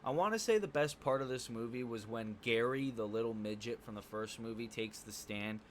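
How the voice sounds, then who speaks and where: A man talks through a movie review in a loose, rambling way, swearing freely and leaning on fillers. His pitch sits in an ordinary middle range for a man. A faint hiss of noise runs under his voice. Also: normal speed. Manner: blunt, profane, rambling with fillers. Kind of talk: casual spoken review.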